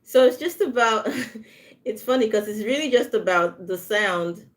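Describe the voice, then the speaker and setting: Female English tutor, live online session, slow and patient, models stress out loud, bilingual asides in French. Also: medium pitch, animated. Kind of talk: live online language lesson.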